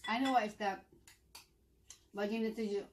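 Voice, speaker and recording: A Filipino woman co-hosts a casual eating video with a mid-pitched voice, tossing in short remarks in simple, non-native English. A faint noise sits under the recording. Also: fairly even intonation, normal speed. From Philippines. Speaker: mukbang co-host.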